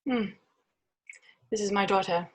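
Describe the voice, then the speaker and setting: A woman's voice: mid-range voice, unhurried, close to an everyday voice. A woman playing a haughty aristocratic lady.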